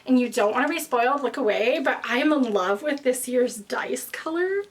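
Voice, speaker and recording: A woman's voice: sits high, expressive, normal speed, few pauses. A young woman hosting her knitting video podcast, chatting casually and a little out of breath, rambling through tangents. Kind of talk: casual chat to camera.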